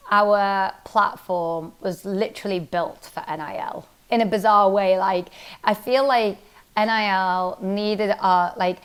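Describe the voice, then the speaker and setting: Woman, company founder, interview guest, animated, filler-heavy, average pitch. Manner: fast, animated, heavy use of "like" and "literally". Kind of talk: casual interview conversation.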